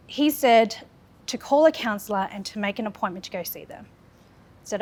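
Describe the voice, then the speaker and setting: Speaking at a moderate pace in an expressive, mid-range voice with a darkish tone, an Australian woman in her thirties tells the story of her life. She is open and sincere, and she builds the speech on recurring lines.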